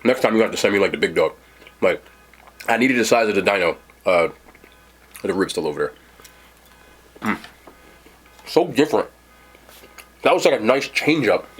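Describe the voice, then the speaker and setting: A man's voice: on the low side, lively intonation, moderate pace, pauses often, slightly rough. A man hosting a casual mukbang food review, chatting to viewers while he eats. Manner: chatty, talks while eating. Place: seated indoors at home.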